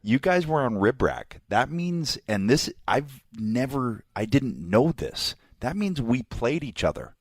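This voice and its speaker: A man co-hosting a podcast with a husky voice, teasing friends in casual chat. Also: mid-range voice, measured pace, hardly any pauses, no echo, clean studio sound. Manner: teasing, expressive. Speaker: podcast co-host.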